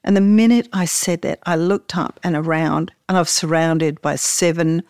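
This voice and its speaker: A woman's voice: low voice, normal speed, darkish tone, no echo, studio quality. A woman, casually telling a story about snorkelling and laughing often as she talks.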